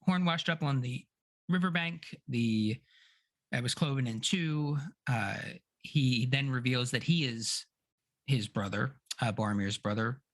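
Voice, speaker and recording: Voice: medium pitch, measured pace, no room sound. A podcast co-host recapping in easygoing casual chat.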